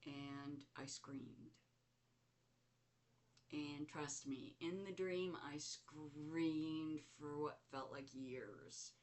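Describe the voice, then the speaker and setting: Low-voiced, slow-talking woman storyteller. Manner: slow, reflective, animated when recounting. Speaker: host. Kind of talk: casual spoken storytelling.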